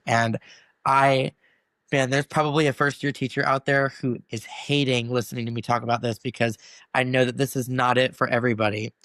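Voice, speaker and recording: Animated young male band teacher. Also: medium pitch, dry recording. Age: 20s. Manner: animated storyteller who acts out quoted voices. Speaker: first-year middle school band teacher. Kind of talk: casual interview conversation.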